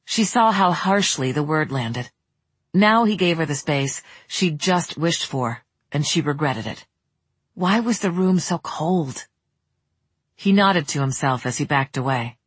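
An audiobook narrator reading a romance in a measured, even way, close to the mic. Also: mid-range voice, slightly rough, no room sound. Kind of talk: scripted narration.

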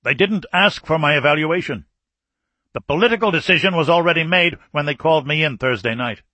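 A man's voice: fairly high pitch, a little fast, sharp tone, no echo, voice pushed up. A man reading an audiobook, voicing a stern older Soviet army marshal with a grave, urgent, insistent delivery.

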